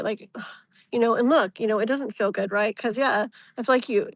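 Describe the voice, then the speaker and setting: A woman giving a tarot reading on a live stream, her voice sitting a bit high for a woman. She rambles in a loose, chatty way, full of "like" and "you know", and soothes the viewer with pet names. The sound is close and dry, with no room echo. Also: moderate pace. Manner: affectionate, soothing tone toward the viewer.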